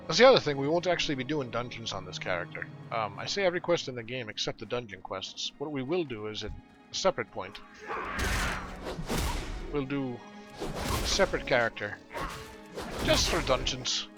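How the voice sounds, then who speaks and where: A man hosting a gaming video, chatting casually and rambling as he plays. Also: mid-range voice. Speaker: gaming video host and streamer. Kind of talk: casual gameplay commentary. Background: game music.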